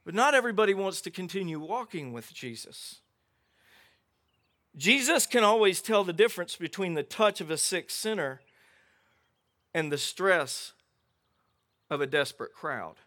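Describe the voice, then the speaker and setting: A middle-aged man preaching a sermon as pastor, telling Bible stories with animated voices for the characters. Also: sits high, moderate pace, long pauses. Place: outdoor gathering without a building.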